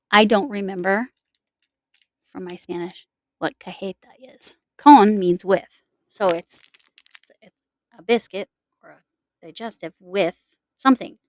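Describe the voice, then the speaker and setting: A woman chatting to camera in a rambling, self-correcting way while showing snacks and yarn. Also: mid-range voice. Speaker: crochet vlogger. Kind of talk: casual chat to camera.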